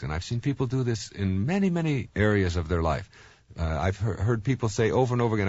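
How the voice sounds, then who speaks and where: Man, fifties, motivational speaker, low voice, lively swooping delivery, restarts and fillers, dull dry lo-fi recording. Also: normal speed, no echo. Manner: animated storytelling with repeated words and fillers. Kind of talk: motivational talk.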